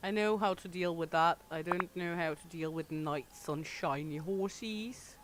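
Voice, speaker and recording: With slight background noise, a young adult woman whose native language is Danish talks in a lowish, unhurried voice on her game livestream. She chats casually, joking bawdily, swearing and laughing often.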